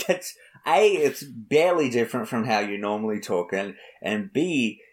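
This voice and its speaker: A man's voice: medium pitch, a little slow. A man co-hosting a podcast, chatting casually about films in a dry, teasing way. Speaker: podcast co-host. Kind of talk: casual film discussion.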